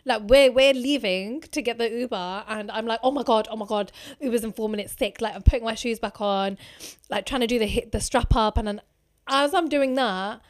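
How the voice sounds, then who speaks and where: A woman's voice: a little high, moderate pace. Chatty young woman. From England. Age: 20s. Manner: animated storytelling, slangy, laughing. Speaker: podcast co-host. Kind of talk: casual chat.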